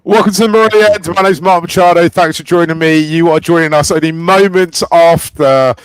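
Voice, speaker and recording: A man's voice: fairly high pitch, fairly quick, clean tone, no room sound, poor audio. A man hosting a live cricket reaction stream, upbeat and joking as he reads out viewer comments. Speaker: host.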